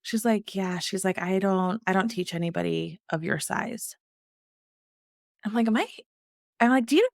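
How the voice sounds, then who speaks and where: A woman's voice: medium pitch, normal speed, creaky, pauses often, darkish tone, no room sound, studio quality. A middle-aged woman, a guest in an interview, telling her personal story earnestly and acting out the dialogue she quotes.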